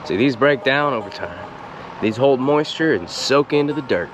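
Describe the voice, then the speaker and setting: A man hosting a comedic gardening tutorial outdoors in a folksy, drawling way, with deadpan innuendo. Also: medium pitch, moderate pace, noisy background. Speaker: gardening show host.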